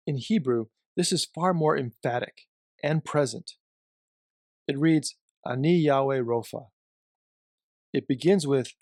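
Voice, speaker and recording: A man giving a devotional teaching, reading scripture and explaining it in a measured way with emphasis on key phrases. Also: medium pitch, expressive, a little mellow, no room sound, clean studio sound. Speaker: Bible teacher.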